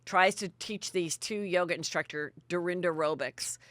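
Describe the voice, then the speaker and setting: Bright-voiced, chatty woman podcast host. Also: on the low side, normal speed, dry recording. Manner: chatty, bawdy, breezy. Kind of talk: gossip recap.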